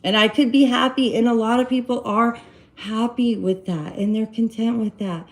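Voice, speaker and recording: A woman casually telling a personal story to her live-stream viewers, rambling and animated, acting out quoted dialogue. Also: fairly high pitch, moderate pace, rough recording. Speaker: live-stream host giving relationship advice.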